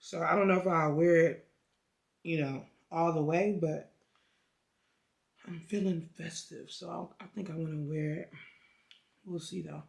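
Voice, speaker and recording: A woman's voice: deep voice, fairly even intonation, a little slow, vocal fry, pauses often. A woman vlogger telling a story in a casual, slangy, profane way and chatting about a book. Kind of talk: casual vlog chat and book retelling.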